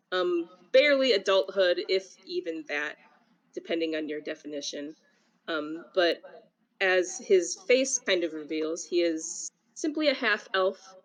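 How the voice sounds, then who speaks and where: Relaxed woman, tabletop player. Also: on the low side, rough recording. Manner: relaxed, with many ums and laughs. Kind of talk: describing her character in a tabletop game.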